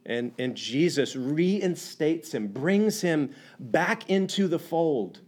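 Guy preaching, kinda high voice, tells the story casual and lively, lots of restarts. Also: slow pace. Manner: animated, acts out quoted lines, many restarts. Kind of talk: conversational sermon storytelling.

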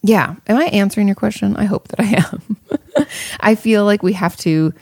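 A woman's voice: medium pitch, moderate pace, darkish tone, no room sound, clean studio sound. A woman therapist giving casual, frank advice to viewers, thinking aloud with plenty of fillers and the odd swear word. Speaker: therapist answering viewer questions.

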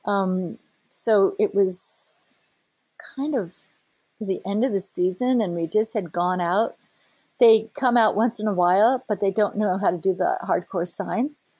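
A middle-aged woman, a whale researcher, telling an animated story, laughing often and acting out voices. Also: medium pitch, measured pace, breathy edge, no room sound. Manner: lively, excited, laughs often, acts out quoted voices. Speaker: whale researcher and boat operator.

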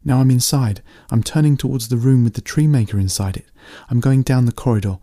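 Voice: medium pitch, fairly quick, dry recording, clean studio sound, voice pushed up, natural voice. A man reading a storybook, voicing an eager young boy who reports what he sees. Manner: excited, reporting step by step.

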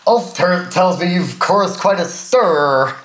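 A man's voice: high-pitched, animated, slow pace, a bit bright, echoey room, slight background noise, pitched above the performer's own voice, full character voice. A man voicing a stern, hulking guard captain with an American accent, giving brusque orders. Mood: commanding. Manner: brusque, commanding.

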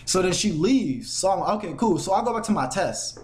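A young man telling a story casually, animated and slangy, acting out the voices of the people in it and cursing often. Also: high-pitched, fairly quick. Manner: animated, acts out quotes with shifting voices. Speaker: podcast host telling a story.

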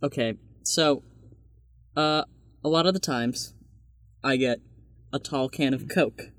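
A man's voice: medium pitch, takes it slowly, fairly bright tone, no room sound, clean studio sound. Sheepish teenage boy telling a story. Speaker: student guest. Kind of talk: casual storytelling.

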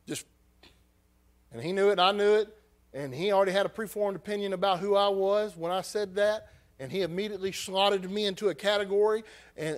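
A man, a missionary preacher giving an emotional personal testimony, halting and repeating his words. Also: sits high.

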